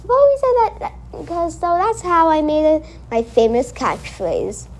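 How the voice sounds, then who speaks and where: A high-voiced woman speaks a little slowly while hosting a laid-back reaction video, rambling excitedly and often going back to fix her own words.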